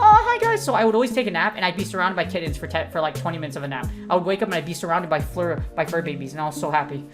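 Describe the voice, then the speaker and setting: An excitable woman streamer talks through her matches in loose, rambling game commentary, jumping between tangents and slang. Her voice sits at an ordinary middle pitch, and soft music plays faintly underneath. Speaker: gaming streamer.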